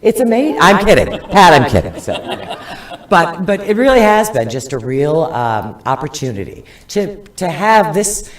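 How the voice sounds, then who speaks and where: A woman's voice: fairly low pitch, very animated, normal speed. An older woman, a retiring TV reporter, giving chatty, joking farewell remarks at a council meeting. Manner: chatty, laughing, self-mocking. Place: large council chamber. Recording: echoey chamber from a distance.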